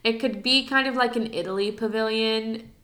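A woman co-hosting a casual podcast chat, eager and quick to agree and chime in. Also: a little high, crowd noise. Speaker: podcast co-host.

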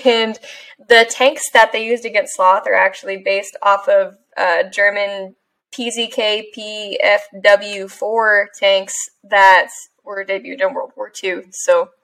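A woman's voice: medium pitch, flat delivery, takes it slowly, fairly bright tone. A woman co-hosting a podcast, sharing fun facts in an easygoing, casual way with light laughs. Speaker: podcast co-host. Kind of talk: casual chat, sharing trivia.

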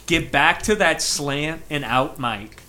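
Bright-voiced opinionated podcast man. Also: fairly high pitch. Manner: opinionated, agreeing in quick bursts. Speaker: podcast co-host. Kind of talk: casual sports podcast chat.

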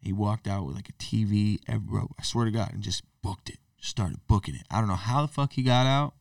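A man's voice: on the low side, fairly quick, gravelly, dry recording, clean studio sound, recorded from a distance. A young man co-hosting a podcast, rambling through a story in a casual chat, swearing and restarting his sentences. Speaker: podcast co-host.

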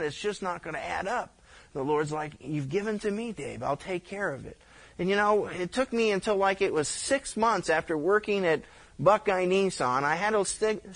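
A middle-aged male pastor preaching a conversational sermon, telling stories with frequent restarts and stammers. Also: high-pitched. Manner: conversational, animated storytelling with repeated restarts.

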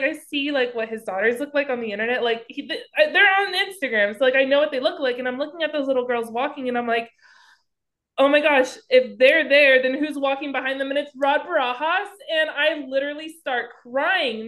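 Woman podcast co-host, pitch on the high side, rambly excitable sports talk. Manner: rambling, excitable storytelling full of "like". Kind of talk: casual sports chat.

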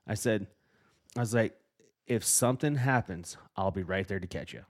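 A man's voice: on the low side, moderate pace. A middle-aged man co-hosting a podcast, telling a story in casual chat with lots of swearing and acted-out quotes. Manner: profane, animated storytelling, acting out quotes. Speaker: podcast co-host.

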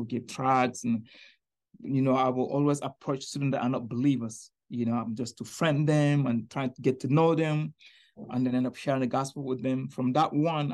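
A man from Niger, a podcast guest telling his personal faith story in an earnest, animated way. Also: medium pitch. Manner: earnest, animated storyteller who acts out quoted voices.

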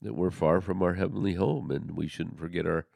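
He's a religious podcast co-host whose low-pitched, gravelly voice is steady in tone and a little mellow. Talking earnestly in a casual discussion, he halts and restarts his sentences often. The recording is dry.

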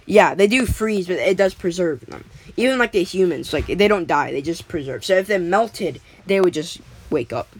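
A woman's voice: on the low side, animated, moderate pace, slight background noise, poor audio. A woman casually making up a story as she goes, rambling with lots of fillers and restarts.

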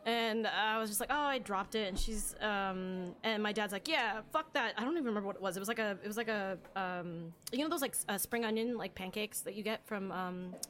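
A woman's voice: medium pitch, fairly quick, few pauses, fairly bright tone. A woman hosting a podcast, chatting casually with guests, with lots of fillers and frequent laughter. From Philippines. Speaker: podcast host. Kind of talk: casual chat.

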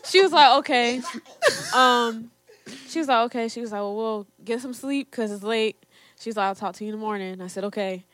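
A woman's voice: on the high side, fairly quick, fairly bright tone. A young woman casually telling a personal story to camera, quoting her parents and often laughing as she talks. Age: young adult. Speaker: storyteller, co-host.

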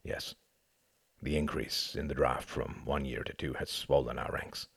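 A man voicing a grave, stern French general in an audiobook, with a rough voice. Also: very deep voice, fairly even intonation, measured pace, no room sound, clean studio sound, heavily acted. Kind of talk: audiobook character reading.

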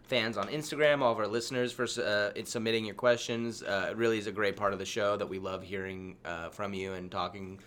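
A man's voice: fairly low pitch, fairly even intonation, brisk, few pauses, a bit bright. A young man cohosting a podcast, laid-back and slangy. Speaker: podcast co-host. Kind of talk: casual banter podcast.

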